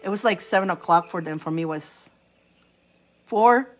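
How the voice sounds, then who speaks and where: Woman reader w/ a chatting on a live stream, animated, laughs a lot. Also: fairly low pitch, quick pace, soft background music. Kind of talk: casual live-stream chat.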